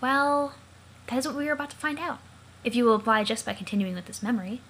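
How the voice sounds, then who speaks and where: Woman reading as a patient young guide, measured and knowing, in a bright, breathy voice. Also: a little high, poor audio. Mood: calm. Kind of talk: voice acting a comic for a let's play.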